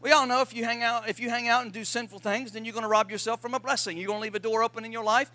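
A high-pitched man preaches with a forceful, bright voice, calling his congregation to answer back. His voice is close and dry, with no room echo. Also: fairly even intonation, rapid-fire. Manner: emphatic preaching with call-and-response to the congregation. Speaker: pastor. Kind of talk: sermon.

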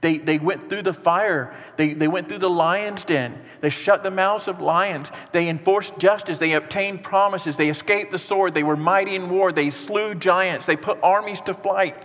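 A pastor preaching a sermon in an earnest, animated way, with rhetorical questions and repeated phrases. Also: male voice, high-pitched, moderate pace, hardly any pauses, big-room sound.

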